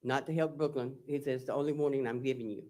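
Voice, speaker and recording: A defendant giving testimony in court, she has a bass voice, a dark tone, and fairly even intonation. She works through text messages out loud at a slow, faltering pace, plainly reporting each exchange with "I said" and "he said."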